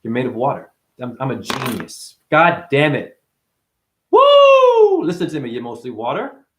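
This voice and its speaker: A man in chronic pain delivering a rambling, free-associating spiritual monologue, swearing often and swinging between loud outbursts and low mutters. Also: animated, normal speed, slight background noise. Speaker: spiritual talker.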